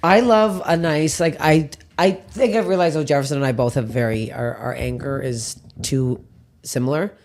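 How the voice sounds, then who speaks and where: A woman hosting a comedy podcast, telling stories in an animated way with frequent laughs and swearing. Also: deep voice, moderate pace. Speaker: podcast host. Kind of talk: casual chat.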